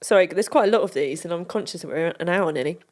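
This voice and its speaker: A woman's voice: lowish voice, fast talker, darkish tone. British woman reading out bits and joking around, easy chat. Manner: chatty, reads out items and jokes along. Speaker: podcast co-host. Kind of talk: casual podcast chat.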